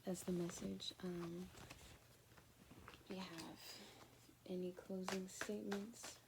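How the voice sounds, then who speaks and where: A woman's voice: lowish voice, level tone, takes it slowly, vocal fry, noisy background. A woman giving a casual, rambling spiritual reading to her viewers, often dropping to a near-whisper. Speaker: spiritual card reader.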